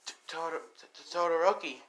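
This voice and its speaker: A man's voice: fairly high pitch, steady tone, fast talker, fairly bright tone, voice pushed up, lightly acted. A man voicing a timid, quirkless young boy who stammers and is eager to become a hero.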